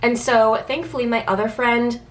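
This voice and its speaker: A woman's voice: fairly high pitch, fairly even intonation, normal speed. Chatty young woman with a stuffy nose. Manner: chatty, anxious, many "like" fillers. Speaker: vlogger. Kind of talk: casual storytime.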